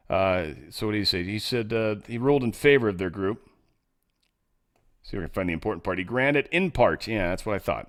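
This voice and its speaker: A man hosting a solo show, reading news excerpts aloud and reacting in a casual, offhand way, often trailing off into low muttered asides. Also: fairly bright tone. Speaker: show host.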